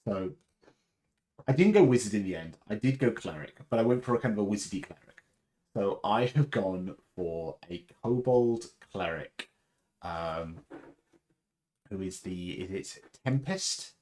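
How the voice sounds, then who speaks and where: A man chats casually on his livestream, rambling with plenty of fillers. His voice sits fairly low. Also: animated, unhurried, mellow, slight background noise. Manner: rambling, chatty with fillers and laughs. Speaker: livestream host.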